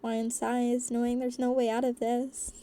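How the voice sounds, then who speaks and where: Woman narrator for a fan story, lively and giggly, warm and a bit high. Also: a little slow. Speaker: voice actor reading a story.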